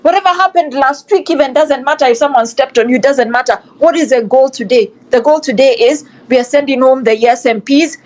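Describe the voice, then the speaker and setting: A woman's voice: high voice, brisk, few pauses, darkish tone, rough recording. A young woman with a Kenyan accent, speaking passionately in an online discussion, repeating her points and mixing in Swahili. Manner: passionate, repetitive, switches into Swahili. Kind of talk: impassioned live audio discussion.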